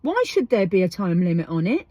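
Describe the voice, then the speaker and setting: Recorded inside a parked van, a woman hosting a podcast rants about a parking ticket, swearing freely and firing off rhetorical questions. Her lowish, mellow voice is very animated and fairly quick, with no room sound.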